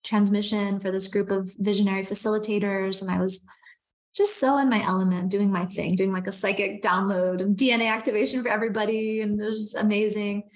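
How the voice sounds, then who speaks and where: A woman's voice: mid-range voice, fairly quick. A woman, a podcast guest, talking candidly in casual conversation, with lots of "like" fillers. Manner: candid, animated, frequent "like" fillers.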